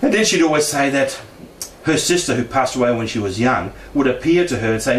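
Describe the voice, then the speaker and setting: Picked up from some distance in a large, echoey meeting room, a man from Brisbane rambles fairly quickly through his own story for a paranormal discussion group. His mid-range voice keeps restarting and drifting into asides, and a faint hum runs beneath it.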